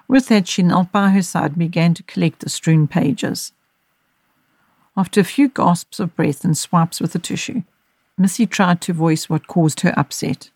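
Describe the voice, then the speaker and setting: Woman gently narrating a story. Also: low voice, no room sound. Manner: measured, gentle reading. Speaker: audiobook narrator and podcast host.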